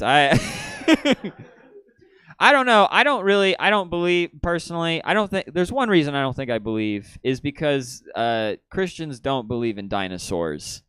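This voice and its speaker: Male stand-up comic, deadpan delivery with bursts, animated pitch, resonant tone. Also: normal speed, clear, resonant tone. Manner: deadpan storytelling with sudden excited outbursts. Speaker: stand-up comedian. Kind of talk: stand-up comedy set. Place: comedy theater stage.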